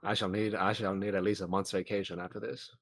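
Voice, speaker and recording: A man's voice: low voice, level tone, fast talker, dry recording. Formal-speaking man roleplaying a player character. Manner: formal old-fashioned phrasing. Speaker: tabletop game player.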